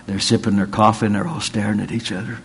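A man's voice: lowish voice, little pitch movement, fast, vocal fry, faint music behind. A man preaching, telling folksy stories and rising to fervent declarations. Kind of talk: sermon with folksy storytelling.

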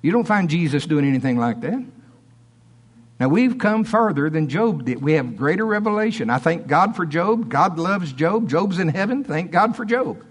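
A man preaching in church with a folksy, emphatic delivery. His voice sits a little higher than usual for a man. He swings from loud, driving lines down to quiet, offhand asides. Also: animated, normal speed, husky. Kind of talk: sermon.

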